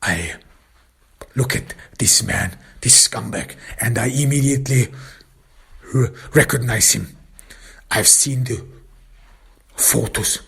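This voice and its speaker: Slow, husky, whispering male storyteller. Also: medium pitch, fairly bright tone. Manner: intense, often whispered, with many restarts. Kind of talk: dramatic first-person crime narration.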